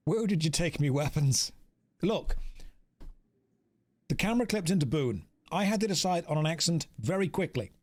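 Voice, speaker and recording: An English streamer chatting over his game, joking and rambling. His voice rises and falls in a lively way, sits slightly high, and sounds dry and close with no room echo. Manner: joking, rambling, self-mocking. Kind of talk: casual game commentary.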